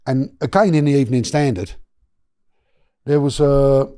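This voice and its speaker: A middle-aged man, telling a long personal story in a chatty, animated way as a podcast guest. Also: mid-range voice, moderate pace, no echo, studio quality. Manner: animated, chatty, lots of restarts and slang.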